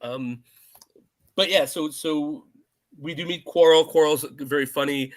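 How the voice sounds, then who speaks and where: A man's voice: fairly high pitch, steady tone, a little slow. A man co-hosting a podcast, talking casually about a film, laughing often and acting out lines from scenes. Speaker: podcast co-host.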